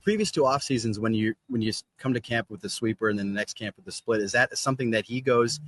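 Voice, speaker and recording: A man hosting an interview and asking searching questions quickly. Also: on the low side, a bit bright. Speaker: podcast host.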